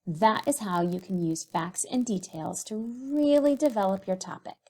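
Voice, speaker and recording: A woman teacher giving a recorded writing lesson to young children, speaking slowly and sounding out syllables and letters. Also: medium pitch, warm tone. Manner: slow, sing-song, sounds out syllables and letters.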